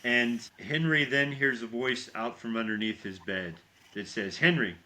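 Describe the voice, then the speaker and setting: A male podcast co-host walks through the scenes of a horror film. His very bright, sharp voice keeps the story moving. He often pauses to check that his listener agrees. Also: mid-range voice. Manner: animated storytelling, quick asides seeking agreement. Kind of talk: casual horror film recap.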